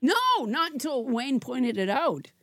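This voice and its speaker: A woman hosting a comedy podcast, teasing her co-hosts in halting, stop-start chat. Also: sits high, animated, a little hiss or hum. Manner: teasing, halting, restarts often. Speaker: podcast host.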